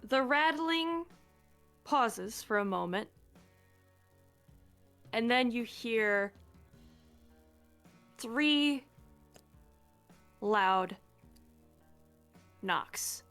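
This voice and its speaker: A woman narrating a tabletop role-play game as game master, measured and descriptive. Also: on the high side, expressive, fairly bright tone, clear, resonant tone, soft background music.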